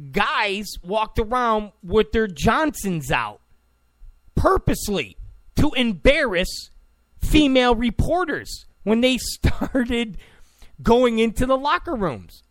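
Man, ranting commentator, exasperated, mocking, slow-paced, dry close sound. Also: very high voice, very animated, fairly bright tone, no echo. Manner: exasperated, mocking, repeats "come on". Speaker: political commentator.

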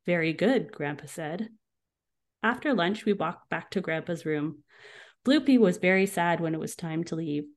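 A woman reads a children's story aloud, expressive and lively, giving each quote its own voice. Her voice sits slightly low for a woman. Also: normal speed. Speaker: guest author.

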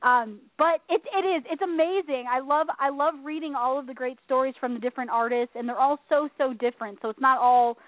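Young woman, 20s, host, bubbly and gushing, high voice, dry tinny sound. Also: fairly quick, few pauses, no room sound. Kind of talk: casual radio chat.

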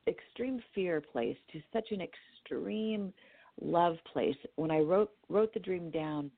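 Lively woman from California on a phone-like line. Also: fairly low pitch, slow pace, no echo. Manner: animated storyteller who acts out her own quotes. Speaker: dream therapist and author, podcast guest. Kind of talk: storytelling in a conversational interview. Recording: tinny phone-like line, dry.

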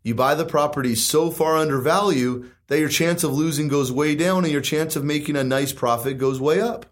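Confident man pitching real estate. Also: normal speed. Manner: confident, emphatic, rhetorical questions. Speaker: real estate investor and teacher. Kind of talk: casual chat.

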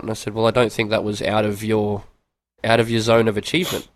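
An Australian man talks quickly in crude, opinionated banter as a podcast guest. His voice is recorded close and dry, with no room sound around it. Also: on the low side, steady tone, dry recording. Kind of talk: casual chat.

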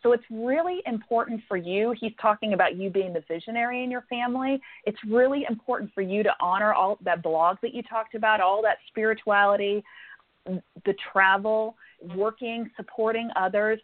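A woman's voice: medium pitch, normal speed. A woman giving a psychic reading on a call-in show, affectionate, calling callers honey and sweetie and checking in with "okay?" again and again. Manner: warm, affectionate, repeats "okay?" often. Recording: tinny phone-line sound.

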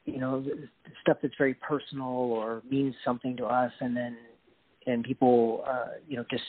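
Male guest musician, earnest and rambling, slightly raspy, tinny video-call audio. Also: mid-range voice, little pitch movement, moderate pace. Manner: earnest, rambling with many restarts. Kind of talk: casual interview chat.

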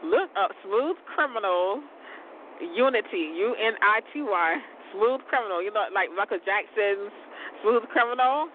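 A show host talks at a measured pace with lively intonation in a loose, rambling chat, laughing often and cursing mildly. The audio is tinny and phone-like, with vehicle rumble underneath.

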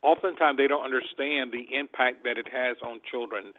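A male radio host talking with his guest, halting and repeating words. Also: mid-range voice, steady tone, a little hiss or hum. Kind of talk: call-in radio talk. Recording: tinny phone line.

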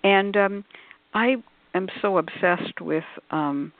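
A woman's voice: medium pitch, slow pace, no room sound. A woman author on a call-in radio panel, explaining at length in a discursive, scholarly way with many asides. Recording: tinny phone-like line.

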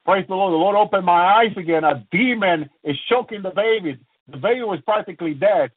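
A high-pitched man preaches with fervent testimony, stopping again and again for bursts of praise and stumbling over his own restarts. The sound is thin and phone-like, as on a radio broadcast, and very dry with no room around it. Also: fairly quick, no room sound. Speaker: minister. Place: lives in the United States.

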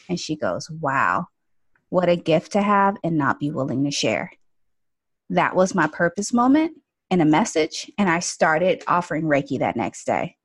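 A woman's voice: lowish voice, dry recording. A woman who works as an esthetician and energy healer, telling stories in a casual, chatty way with lots of fillers. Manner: chatty, with many fillers like "like" and "you know". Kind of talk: casual storytelling chat.

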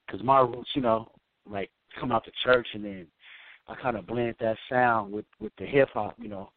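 A middle-aged man from Oakland, a musician telling stories in a casual, laid-back way, peppering his talk with "man" and "you know". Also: medium pitch. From Oakland, California. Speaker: musician guest. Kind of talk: casual storytelling interview. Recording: tinny phone-like line, dry.

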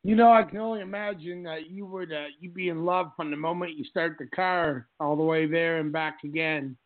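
A man's voice: a little high, fairly even intonation, normal speed, no room sound. A man co-hosting a wrestling talk show, hyped up and effusive as he introduces and praises his partner. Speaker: co-host. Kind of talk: casual chat. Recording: tinny phone-like line.

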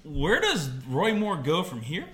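A man's voice: a little high, huge pitch swings, measured pace, fairly bright tone. A man with a Midwestern American accent co-hosting a podcast in casual chat, telling stories animatedly and acting out the voices of the people he quotes. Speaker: podcast co-host. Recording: echoey room with faint background noise.

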